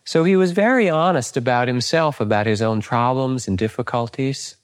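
A man's voice: medium pitch, normal speed. An older man, a meditation teacher, telling anecdotes in a dharma talk, often chuckling and saying "you know".

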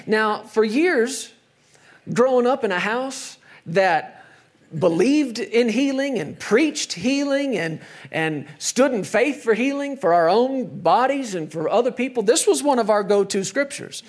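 A middle-aged man preaching a sermon in a conversational way, sometimes dropping to soft, emphatic tones. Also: very high-pitched, lively intonation, unhurried. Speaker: pastor.

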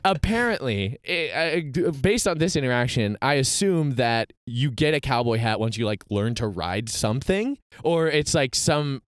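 Smooth-voiced young man telling a story. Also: mid-range voice, moderate pace, few pauses, no echo, studio quality. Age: young adult. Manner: animated storytelling with laughs and acted quotes. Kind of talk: casual chat.

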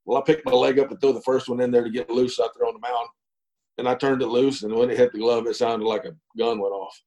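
A middle-aged former pro baseball pitcher from East Texas spins a long, folksy yarn as a guest in a casual storytelling interview. His mellow, relaxed voice sits mid-range for a man, and though his manner is unhurried, his speech runs fast, full of fillers and chuckles. The audio is poor.

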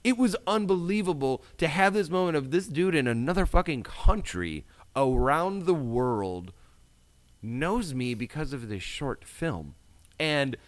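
A man, a filmmaker guest, telling lively stories in casual chat and swearing freely. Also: fairly high pitch, a little slow. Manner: animated storyteller, swears freely.

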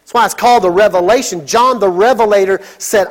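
A man preaching a sermon as pastor, with a dramatic delivery that swings into shouted exclamations. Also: sits high, a little fast.

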